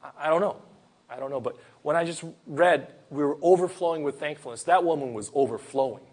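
A man preaching a sermon, retelling a Gospel story in an earnest, storytelling way with pauses and sudden emphasis. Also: a little high, darkish tone, husky.

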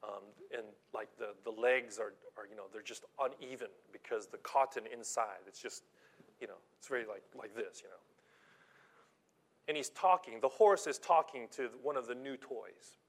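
A man preaching a sermon in a conversational storytelling way, with halting restarts and slow, deliberate emphasis on key phrases. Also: medium pitch. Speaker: pastor.

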